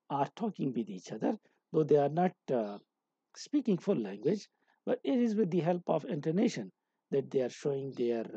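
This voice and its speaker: Male lecturer, very dark husky voice, halting explanations, dull lo-fi dry sound. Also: on the high side, dry recording. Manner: explaining with many hesitations and restarts. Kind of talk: recorded lecture.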